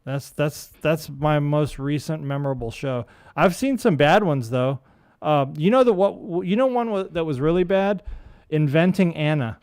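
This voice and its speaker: A man's voice: on the high side, animated, moderate pace, darkish tone, clear, resonant tone, dry recording, clean studio sound. A man in casual podcast chat, giving blunt opinions about television shows.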